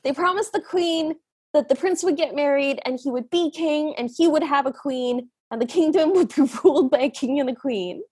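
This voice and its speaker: High-voiced giggly woman podcast co-host. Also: moderate pace, darkish tone, dry recording, clean studio sound. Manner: giggly, laughs often while talking. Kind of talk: casual chat recapping a film.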